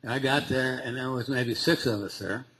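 A man speaking to a recovery meeting, telling his story in a halting, conversational way with frequent restarts and small laughs. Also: mid-range voice, steady tone, a bit bright, slight background noise, rough recording. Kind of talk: personal recovery story told to a group.

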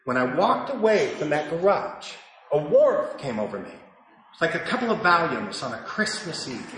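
A man giving a confessional recovery testimony, acting out his own shouting and hushed prayers as he tells it. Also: fairly high pitch, sing-song, normal speed, a faint crowd. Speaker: recovery speaker. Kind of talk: personal testimony talk. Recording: very echoey hall with faint noise.

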